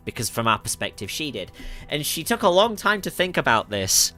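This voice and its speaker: A man from the north of England, speaking with a Northern English accent, is a music producer reading chat questions during a livestream Q&A. His voice sits mid-range with lively intonation, a normal pace, and a bright, forceful tone. He laughs a lot and keeps correcting himself, with plenty of ums.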